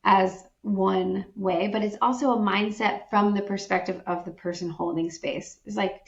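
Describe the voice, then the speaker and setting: A woman's voice: medium pitch, steady tone, measured pace, gravelly, few pauses, echoey room, highs cut off. A woman talking as a podcast guest, earnest and reflective, sometimes acting out the reactions she quotes. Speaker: podcast guest, wellness speaker. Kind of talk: podcast conversation.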